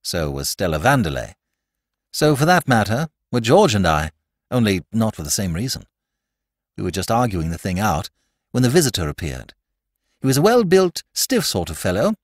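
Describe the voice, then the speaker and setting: A man reads a comic story aloud, his lowish voice swinging up and down with lively, chatty energy. The sound is dry and close, as if recorded in a studio booth with no room around it. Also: normal speed, no echo. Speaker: narrator. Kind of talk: audiobook reading of a comic story.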